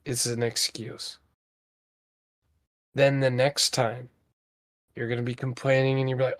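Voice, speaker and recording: Here a podcast co-host in his thirties delivers a laid-back motivational talk, earnest and meandering, with lots of filler words. His mid-range voice comes across flat, at a measured pace broken by long pauses.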